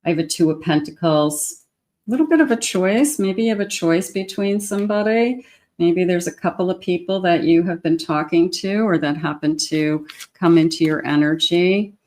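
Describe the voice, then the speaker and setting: A woman with a low voice talks the viewer through a tarot spread. She sounds encouraging and personal, and she stops often to search for words. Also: normal speed. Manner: warm, encouraging, talks directly to the viewer with many fillers. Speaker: tarot reader. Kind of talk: tarot reading to camera.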